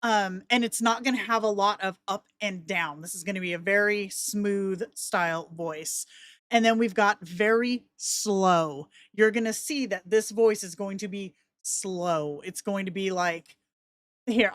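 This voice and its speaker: A woman walking through a voice software tool in a casual, chatty way, with joking asides to herself. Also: mid-range voice, unhurried, no echo. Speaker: content creator.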